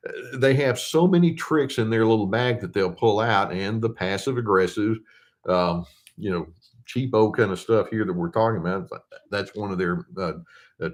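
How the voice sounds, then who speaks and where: An older man with a lowish voice talks through viewer questions as a therapist. His delivery is conversational and easygoing, full of ums, uhs and restarted phrases, and he slows right down when he reads a question aloud. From United States. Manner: conversational, with frequent fillers and restarts. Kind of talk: casual explanatory talk.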